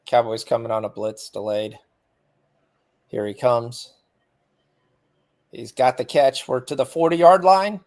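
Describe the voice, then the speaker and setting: A man's voice: medium pitch, steady tone, slow, pauses often, darkish tone. A man hosting a live sports betting show, calling the game play by play and talking about bets.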